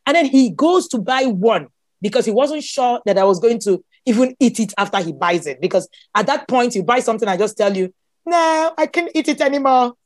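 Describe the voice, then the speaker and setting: A Nigerian woman with a fairly high voice tells her story with plenty of exclamations and laughter. She sounds close and dry, with no room sound around her. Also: brisk, no echo. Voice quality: expressive, exclaims often, laughs while telling. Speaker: guest. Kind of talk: animated personal storytelling.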